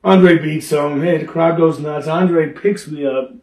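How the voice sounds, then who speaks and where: An older man, a former pro wrestler, telling lively stories in an interview and acting out the people in them. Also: fairly high pitch, measured pace, distant mic. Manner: animated, acts out the people in his stories. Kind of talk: lively anecdotal storytelling. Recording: roomy echo, speaker off-mic.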